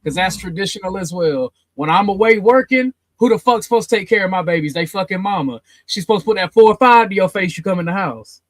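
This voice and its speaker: A man's voice: high-pitched, expressive, quick pace, hardly any pauses, no echo, poor audio. A man with a Southern US accent hosting a heated call-in panel, blunt and profane. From Southern United States. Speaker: host.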